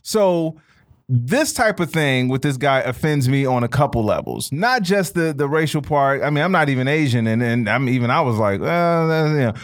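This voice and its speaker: A man's voice: medium pitch, animated, moderate pace. A man co-hosting a comedy podcast, speaking emphatically and repeating points to drive them home. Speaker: podcast co-host. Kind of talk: casual chat.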